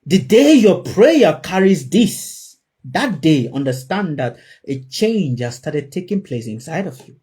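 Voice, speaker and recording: A man's voice: fairly high pitch, very animated, a little slow, mellow, husky. A man giving an emphatic spiritual sermon to a live audience, repeating his key phrases for effect. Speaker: spiritual teacher.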